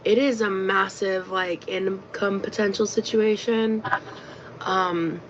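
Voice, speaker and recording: This tired livestreamer chats casually at a slow pace, her medium-pitched voice staying steady as she rambles and hesitates with frequent fillers. The sound is dull, lo-fi stream audio with faint noise.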